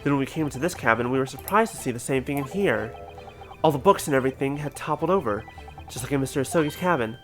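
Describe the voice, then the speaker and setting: An earnest young lawyer, read by a man who works through a case step by step. His delivery is steady, and faint game music plays behind him. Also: medium pitch, quick pace, lightly acted. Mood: reasoning.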